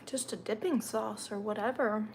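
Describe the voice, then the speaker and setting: A woman's voice: medium pitch, steady tone, normal speed, slight background noise. A woman hosting a casual live stream from home, chatting and answering viewer comments while she eats, sometimes talking through a mouthful. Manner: talks while chewing.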